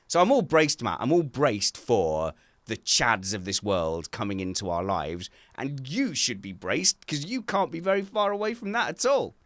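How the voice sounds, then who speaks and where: A man co-hosting a casual chat from home over a video call, telling animated stories and laughing often. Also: mid-range voice, moderate pace, no echo. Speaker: podcast co-host.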